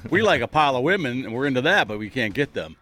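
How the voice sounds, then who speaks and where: A man's voice: mid-range voice, very animated, fast, bright, forceful tone, faint music behind. A man co-hosting a radio show, sarcastic and jokey, trading quips and laughing with his co-hosts. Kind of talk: casual radio banter.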